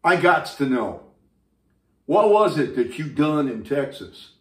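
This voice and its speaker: A man's voice: a little high, very animated, slow, fairly bright tone, heavily acted. Man putting on a jittery bartender, wary and pleading, echoey room. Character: nervous male saloon bartender.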